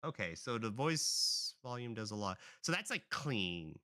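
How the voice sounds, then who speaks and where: Casual male streamer, chatty, rambling, bright tone, slow. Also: medium pitch, very animated. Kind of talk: casual live-stream chat.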